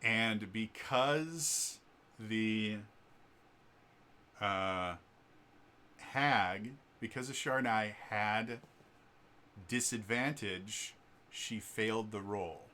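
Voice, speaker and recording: Man, casual storytelling vlog, bright forceful voice, animated and rambling, lots of ums. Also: lowish voice, very slow, pauses often. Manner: animated, rambling retelling with many fillers. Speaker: vlogger.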